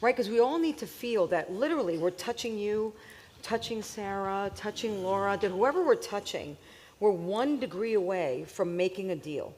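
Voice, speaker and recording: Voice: mid-range voice, animated, darkish tone. An interviewer on stage asking questions in a chatty way and laughing often. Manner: chatty, laughs often, quick back-channel replies.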